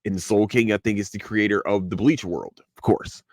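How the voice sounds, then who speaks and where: A man hosting a casual podcast, rambling excitedly about an anime he loves, swearing freely and tripping over repeated words. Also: on the low side, a little fast, no room sound, clean studio sound. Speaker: podcast host. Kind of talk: casual solo anime review.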